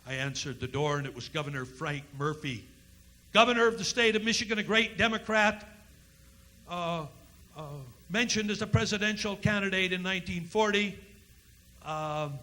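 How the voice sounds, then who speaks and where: A man giving a dramatic first-person historical monologue on a college forum stage, oratorical and impassioned, with slow emphatic build-ups. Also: on the high side, pushed and bright, low-quality recording. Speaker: historical reenactor.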